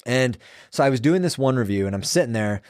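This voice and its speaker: A former prison sergeant tells stories in loose, profane casual conversation, acting out what people said. His mid-range voice is expressive, a little fast and darkish in tone, captured at studio quality with no room sound.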